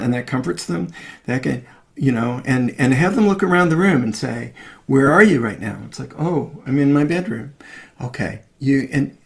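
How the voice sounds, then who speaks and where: A man, a past life regression therapist, giving gentle coaching advice in a casual live stream chat. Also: mid-range voice. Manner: gentle, coaching, acts out parent and child talk.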